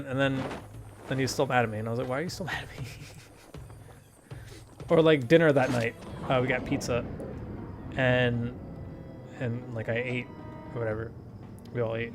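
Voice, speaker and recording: A young man hosting a gaming video, telling rambling stories in casual chat, swearing and laughing often. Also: mid-range voice. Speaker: gaming channel host. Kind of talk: casual chat over gameplay.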